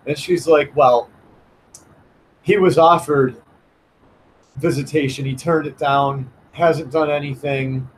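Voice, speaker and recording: A man's voice: on the high side, steady tone, takes it slowly, long pauses, slight background noise, low-quality recording. A man telling a personal story in a casual monologue, rambling with many restarts and acting out what others said. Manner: rambling, many restarts, acts out quoted voices. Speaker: vlogger.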